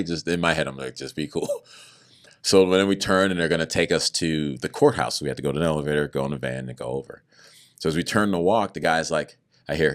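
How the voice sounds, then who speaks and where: A man with a remarkably deep, low voice shares a personal testimony in conversation. He speaks earnestly about his faith and brings the story to life by acting out what other people said. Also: fast. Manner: animated, acts out other people's words in raised voices. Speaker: podcast guest.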